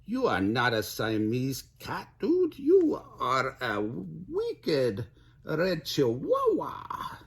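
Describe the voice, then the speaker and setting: A man's voice: mid-range voice, lively intonation, unhurried, breathy edge. An older man voicing a playful male kitten who thinks he is a chihuahua, with a put-on mock Spanish accent, in a storybook read-aloud. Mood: excited.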